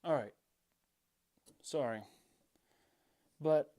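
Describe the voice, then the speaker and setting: A man's voice: medium pitch, mellow. A man ranting as a frustrated fan in a sports vlog.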